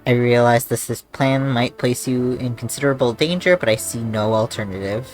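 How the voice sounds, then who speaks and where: Streamer reading as solemn knight commander, game dialogue read aloud, mid pitch, faint music behind. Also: moderate pace, natural voice. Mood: earnest.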